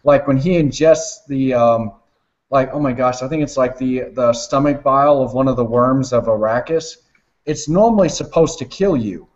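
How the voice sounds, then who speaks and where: Casual male co-host, rambling and profane storyteller, mid pitch, dull lo-fi recording. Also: normal speed. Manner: rambling, swears often, laughs while retelling. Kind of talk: casual chat.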